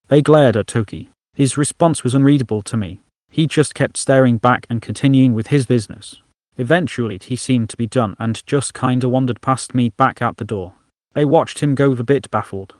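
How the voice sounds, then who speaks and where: A man's voice: medium pitch, moderate pace, darkish tone, no echo. A man narrating a science fiction story as an audiobook, in a dry, wry storytelling manner.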